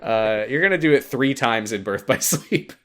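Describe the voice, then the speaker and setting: A young man co-hosting a casual chat, retelling a game's story with lively jumps into voices and frequent laughs. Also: mid-range voice, moderate pace. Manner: animated, jumps into voices for quoted lines, laughs often. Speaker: podcast co-host recapping a game story.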